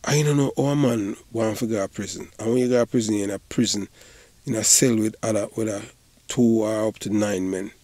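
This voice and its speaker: A man's voice: on the low side, steady tone, brisk, mellow. A man with a Jamaican accent giving rambling, casual patois commentary, often repeating "you know". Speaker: online commentator.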